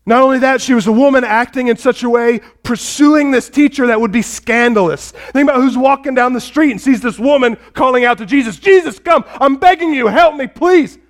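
A man's voice: very high voice, fairly quick, few pauses. A male pastor preaching a sermon and retelling a story with drama, speaking directly to the congregation.

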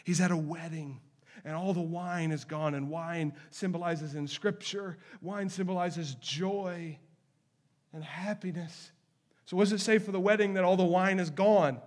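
A male pastor with a high voice delivers a sermon. He builds to loud, urgent questions, then drops to hushed, slow emphasis on key phrases. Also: fairly even intonation.

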